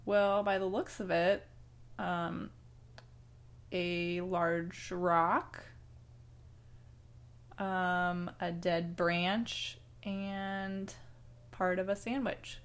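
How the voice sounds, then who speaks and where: A woman's voice: on the low side, little pitch movement, very slow, long pauses, clear, resonant tone. A woman playing a mom in an improv comedy scene, answering in a dry matter-of-fact way.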